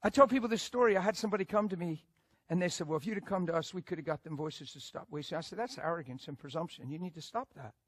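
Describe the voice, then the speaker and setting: Man, preacher, sermon storytelling, emphatic, fairly high voice, dry close sound. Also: fast talker, no echo. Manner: animated, emphatic, swings from loud to hushed.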